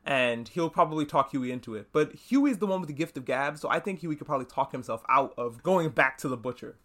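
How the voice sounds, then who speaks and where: Animated man recapping a show solo. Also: fairly high pitch. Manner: animated, swearing, acting out quotes in voices. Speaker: podcast host. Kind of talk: casual solo recap podcast.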